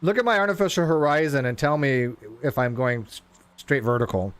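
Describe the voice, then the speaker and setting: A man streaming a flight simulator, talking casually and rambling as he flies, often stumbling over his words and getting excited. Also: a little high, brisk, clean tone. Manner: rambling, self-interrupting, excitable. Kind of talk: casual live gameplay commentary.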